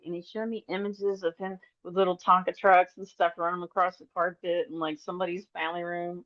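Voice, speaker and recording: Rambling, animated woman telling stories. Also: on the low side, fairly quick, hardly any pauses, dry recording. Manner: rambling, animated, acts out quoted voices. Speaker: podcast guest. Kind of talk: casual storytelling interview. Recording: dry, slightly dull audio.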